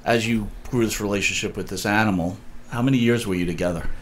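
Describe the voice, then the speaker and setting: A man asks interview questions in a hesitant, casual way. His voice sits low, with a faint room hum behind him. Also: quick pace.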